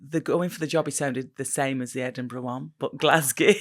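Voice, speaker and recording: A woman's voice: a bass voice, fairly even intonation, brisk. A woman co-hosting a podcast in casual chat, bantering and teasing her co-host and laughing easily.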